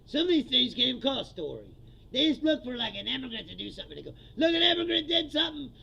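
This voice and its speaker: A man delivers a crude, mocking comedic rant in a very high, bright voice full of gravelly fry. He swings his pitch all over and laughs at his own jokes. The recording sounds dull and lo-fi. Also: very animated, brisk, pauses often. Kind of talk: profane comedic political rant.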